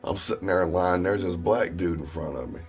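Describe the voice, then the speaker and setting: Very deep-voiced profane man from Ohio. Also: brisk, faint music behind. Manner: profane, rambling anecdotes. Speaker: stream host. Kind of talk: casual storytelling.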